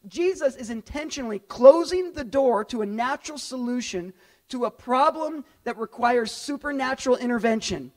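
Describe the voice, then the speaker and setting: A middle-aged male pastor preaching a lively sermon, often acting out the voices of people in the story. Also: very high-pitched.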